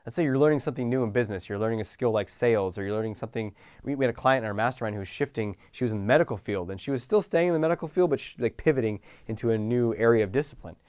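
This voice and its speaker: A middle-aged man coaching listeners in a casual, animated talk, acting out small scenes with sighs and laughs. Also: mid-range voice, rapid-fire, few pauses, clean tone, no room sound, clean studio sound. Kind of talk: motivational talk to camera.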